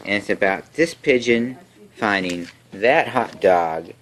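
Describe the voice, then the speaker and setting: A woman with a remarkably deep voice reads a picture book to little ones at home. She takes her time, pausing to coax the children with questions as she goes. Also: expressive, slight background noise. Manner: gentle, coaxing, asks the children questions. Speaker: reader to young children. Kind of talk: reading a picture book aloud.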